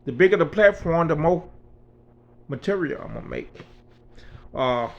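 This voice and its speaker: A man's voice: a little high, lively intonation, normal speed, creaky, lo-fi sound. A man in his sixties, an author, telling a spiritual story in an earnest, conversational way. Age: 60s.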